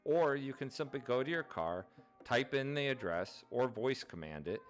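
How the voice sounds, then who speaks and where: A man hosting his own channel, narrating an informative explainer in a steady, methodical way, going through items one by one. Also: mid-range voice, normal speed, soft background music. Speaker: channel host.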